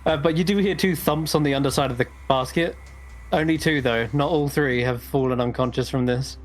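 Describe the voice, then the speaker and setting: A man running a tabletop game as dungeon master, narrating events in a relaxed, rambling way. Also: mid-range voice, a little fast.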